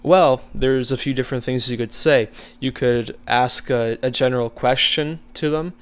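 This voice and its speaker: A man coaching viewers in a casual, conversational way, relaxed and easygoing, with frequent fillers. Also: medium pitch, moderate pace, clean tone. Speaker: social skills coach. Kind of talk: casual instructional talk.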